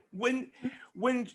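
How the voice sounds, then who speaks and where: A man hosting a podcast, reviewing a film in casual chat and telling it as an animated, joking story. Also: extremely high pitch. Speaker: podcast host.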